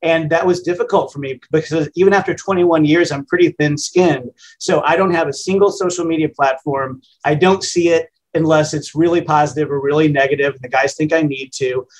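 Giving casual interview answers, this radio host in his fifties sounds like he's talking at a kitchen table, plain and easygoing with a self-deprecating streak. His slightly high voice holds a steady tone, moves fairly quickly with hardly any pauses, and comes through on a low-quality recording.

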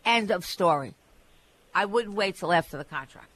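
Bright, emphatic woman radio host. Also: on the low side, lively intonation, normal speed, dry recording. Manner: emphatic, blunt, advice-giving, with many restarts. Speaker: radio real estate show host. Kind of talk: call-in radio advice.

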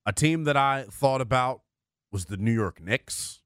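A man's voice: a little slow, clear, resonant tone, no echo. A man co-hosting a sports radio show, talking animatedly and firing off rhetorical questions in a studio. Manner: animated, swings from loud to low, rhetorical questions. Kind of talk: sports talk radio banter.

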